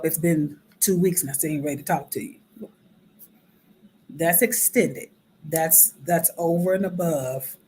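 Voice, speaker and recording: Animated woman therapist hosting a talk. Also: sits low, a little hiss or hum, low-quality recording. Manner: animated, acts out quoted voices. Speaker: host and drama therapist. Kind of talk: casual teaching talk.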